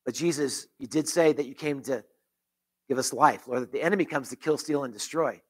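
A man's voice: medium pitch, a little fast, a little mellow, husky. A man pastor leading a closing prayer in church, earnest, with repeated phrases and restarts. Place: church sanctuary.

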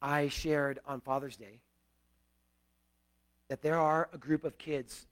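A man in middle age delivers a sermon with a fairly high voice. He talks to the congregation in a loose, conversational way, drifting into personal stories. His loudness rises and falls sharply as he stresses key lines. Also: fairly even intonation, slow. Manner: conversational preaching with asides and swings in loudness. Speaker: pastor.

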